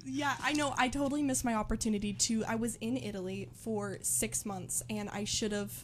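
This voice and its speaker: A woman's voice: on the high side, steady tone, normal speed, very noisy. A young woman co-hosting a podcast in casual chat, playful, laughing a lot and talking straight to the listeners. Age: young adult. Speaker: podcast co-host.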